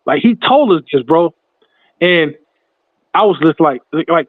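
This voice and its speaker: Animated man telling a story, high voice. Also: unhurried, long pauses, no echo. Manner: animated, acts out other people's voices. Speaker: podcast host. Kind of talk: casual storytelling. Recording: tinny, phone-like sound.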